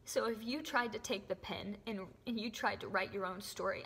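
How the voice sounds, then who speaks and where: A young woman gives an earnest, emotional faith testimony to camera, often dropping to a soft whisper. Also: mid-range voice, moderate pace, few pauses, a little hiss or hum. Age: young adult. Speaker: faith vlogger. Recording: echoey room with long reverb.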